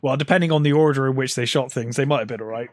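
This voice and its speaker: A man in a casual podcast chat, walking through a movie scene by scene and slipping into the characters' lines. His voice sits in a middling register and is recorded close and dry, with no room around it. He fills pauses with frequent ums. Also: mid-range voice, no room sound. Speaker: podcast co-host. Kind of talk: casual film discussion.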